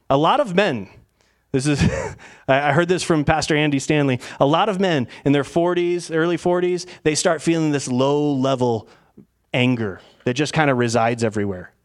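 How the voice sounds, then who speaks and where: A man, a pastor, preaching a sermon in an animated way, acting out everyday voices to make his points. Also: a little high.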